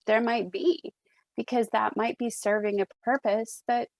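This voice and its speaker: A woman hosts a podcast conversation and takes her time, with a gravelly, fry-laden texture. Her tone is calm and reflective, like a coach. The sound is close and dry. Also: a little high, a little slow, dry recording. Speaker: podcast host. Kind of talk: casual chat.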